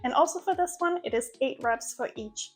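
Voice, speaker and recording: This fitness creator, a young woman, talks fairly quickly in a high-pitched voice while soft music plays behind her. Her chatty vlog breaks down workout moves one step at a time, captured on a small new mic, and she's winded as it wraps up.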